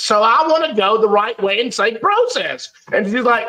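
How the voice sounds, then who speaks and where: Bright-voiced chatty man. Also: sits high, lively intonation, normal speed, few pauses, rough recording. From United States. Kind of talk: casual live-stream chat.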